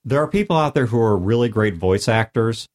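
A man's voice: lowish voice, expressive, a little fast, a little mellow. A man giving casual, earnest advice on tabletop role-play, laying out numbered tips and playing down his own skill. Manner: earnest, self-deprecating, explains in numbered points. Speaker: podcast co-host.

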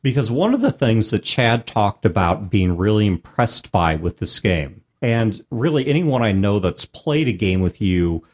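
Low-voiced man hosting a podcast. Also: sing-song, unhurried, hardly any pauses. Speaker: podcast host. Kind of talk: casual podcast chat.

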